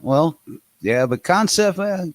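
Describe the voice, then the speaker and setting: A man's voice: high voice, expressive, takes it slowly, dry recording, studio quality. A man in casual chat, laid-back and mumbling, swearing often.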